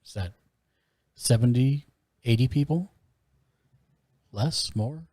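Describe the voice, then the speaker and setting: A man's voice: mid-range voice, slow pace, dark tone, breathy edge, dry recording. A man playing an online tabletop game, casually asking the game master questions with fillers. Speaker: player.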